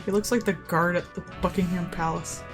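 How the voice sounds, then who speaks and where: A woman's voice: fairly low pitch, steady tone, a little fast, music in the background. A woman with a light Southern US accent, chatting playfully as she draws on a stream, teasing her partner. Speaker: streaming artist. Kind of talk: casual chat while drawing.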